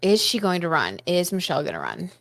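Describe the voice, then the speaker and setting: A young woman hosting a casual live-stream tarot reading, chatty and excitable, reading out viewer comments and reacting with frequent exclamations. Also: fairly low pitch, quick pace, vocal fry, no echo, studio quality. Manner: chatty and excitable, lots of "oh my god" and "like".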